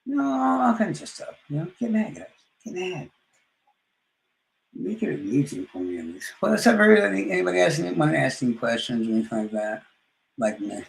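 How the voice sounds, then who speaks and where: Gravelly, boastful trash-talking man. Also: a little high, sing-song, fast talker, echoey room, rough recording. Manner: boastful, profane trash talk with trailing mumbles. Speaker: livestreamer. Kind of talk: trash-talking live stream monologue.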